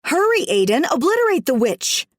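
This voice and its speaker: A scheming witch shrieks in a high, frantic voice, as a woman puts her on. The sound is dry and close, with no room around it. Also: lively intonation, fairly quick, a bit bright, dry recording. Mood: shrieking. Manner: shrill, frantic.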